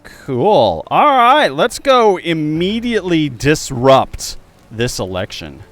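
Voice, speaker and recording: A young man playing a video game and commenting, excitable, jumping from loud yelps to quiet muttering. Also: on the high side, takes it slowly. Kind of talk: let's play commentary.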